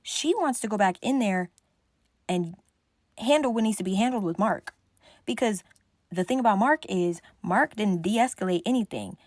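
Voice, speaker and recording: A young woman tells a chaotic party story straight to the mic, animated and loose-tongued. Her voice sits at an ordinary middle pitch and sounds dry and close, with no room around it. She acts out everyone's lines as she goes. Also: normal speed, dry recording. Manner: animated, swears freely, acts out quotes. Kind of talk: casual storytime.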